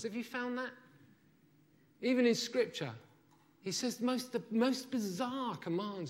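Animated male preacher, slightly high voice. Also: normal speed. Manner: animated storytelling, acts out the disciples' lines. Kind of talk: sermon.

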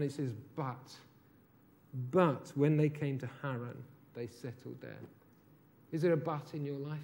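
A man preaching a sermon, asking rhetorical questions and dropping to a hush for emphasis. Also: a little high. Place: church.

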